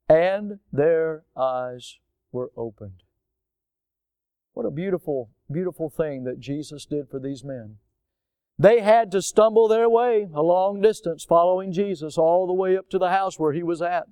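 A man's voice: a little high, unhurried, dark tone, clean tone, no room sound, studio quality. A male pastor preaching a sermon, posing rhetorical questions and repeating key words for emphasis, then leading a prayer. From United States.

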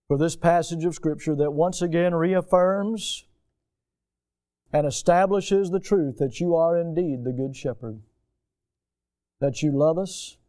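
Emphatic American preacher, mellow voice. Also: male voice, fairly high pitch. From United States. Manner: emphatic preacher, swinging between hushed and loud. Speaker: pastor. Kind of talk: sermon.

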